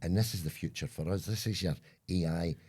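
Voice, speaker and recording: A man's voice: low voice, fairly quick, warm tone, husky. A Scottish man, the older co-host of a chat show, telling rambling stories and acting out voices along the way. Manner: rambling storyteller, acts out voices. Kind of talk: casual chat.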